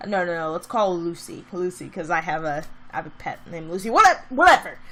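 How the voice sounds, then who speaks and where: A woman's voice: on the low side, steady tone, quick pace. A woman vlogger telling a story in a casual, chatty way that turns into a heated rant.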